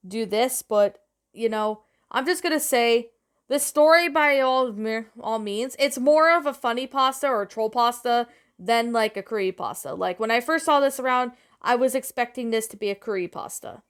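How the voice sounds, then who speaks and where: A woman's voice: on the high side, moderate pace, clean tone. A woman narrating a creepypasta and then reviewing it in a rambling, self-correcting way.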